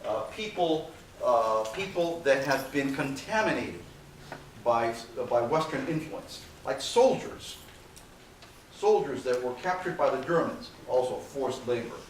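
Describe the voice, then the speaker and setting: A man lectures to a class in a loose, conversational way, filling pauses with "okay" and "uh" and dropping the occasional dry, sarcastic aside. He sits at an ordinary middle pitch. He was recorded from across a very reverberant hall, with a faint hiss underneath. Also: animated. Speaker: university lecturer. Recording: very echoey hall, far from mic, faint hiss.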